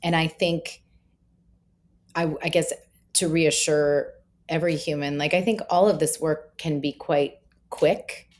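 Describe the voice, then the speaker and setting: A woman's voice: sits low, fairly even intonation, measured pace, a little mellow. A woman in her forties, a parenting expert, chatting candidly and with self-deprecating humor in a podcast conversation.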